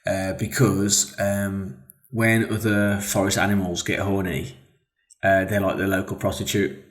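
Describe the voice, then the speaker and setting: A tired man co-hosting a podcast, laconic and deadpan, inventing silly answers. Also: sits low, measured pace. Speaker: podcast co-host. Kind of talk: casual banter.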